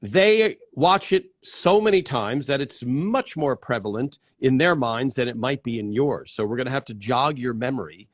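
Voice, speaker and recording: A man's voice: medium pitch, animated, normal speed, hardly any pauses, no echo, studio quality. A middle-aged man from New Jersey hosting a casual livestream, greeting viewers one by one with many fillers. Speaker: host.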